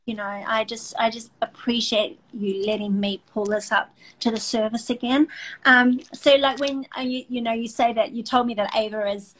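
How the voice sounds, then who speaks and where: A woman's voice: a little high, steady tone, normal speed, fairly bright tone, poor audio. A middle-aged woman hosting a faith talk show, speaking earnestly and emotionally with many restarts. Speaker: host.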